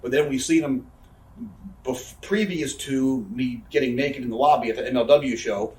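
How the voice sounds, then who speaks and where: A man's voice: medium pitch, normal speed, a little mellow, distant mic. A man, telling rambling, profane backstage stories in a casual interview. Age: 30s. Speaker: interview guest, wrestler. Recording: echoey room, off-mic.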